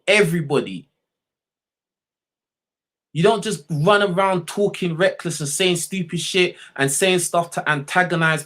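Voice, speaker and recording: Young streamer, slightly high voice, heated profane rant to chat. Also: male voice, a bit bright. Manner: blunt, profane, heated, repeats "you know what I mean". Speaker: livestream host. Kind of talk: unscripted rant to livestream chat.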